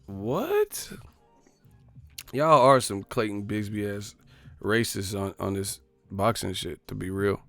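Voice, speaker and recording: A man's voice: fairly low pitch, steady tone, a little slow, gravelly, fairly bright tone, no room sound, soft background music. A man hosting a boxing live stream, ranting in a profane, joking, exasperated way. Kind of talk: casual live-stream rant.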